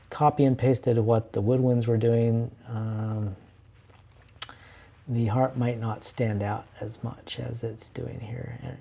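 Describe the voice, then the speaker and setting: A man's voice: mid-range voice, gravelly, warm tone, breathy edge. A man, a composer, explaining orchestration casually in a screen-share lesson, thinking aloud with fillers and restarts.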